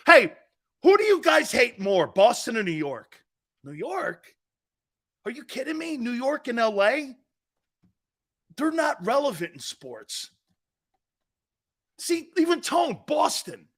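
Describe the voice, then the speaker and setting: A middle-aged man with an East Coast American accent, hosting a sports talk show in brash, loud, joking banter. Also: extremely high pitch. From Northeastern United States. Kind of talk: casual live show banter.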